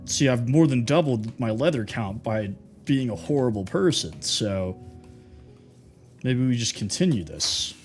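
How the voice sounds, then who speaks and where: A man streams a building game, talking casually to his chat and teasing viewers as he plays. His voice is mid-pitched and swings widely up and down. Soft music plays faintly behind him. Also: unhurried. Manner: chatty, lively, teasing viewers. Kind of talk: casual gameplay live stream, reading chat.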